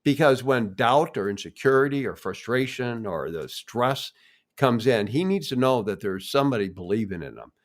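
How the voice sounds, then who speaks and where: A man's voice: mid-range voice, lively intonation, normal speed. An older man co-hosting a family podcast, folksy and encouraging in tone. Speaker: co-host. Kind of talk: casual podcast chat.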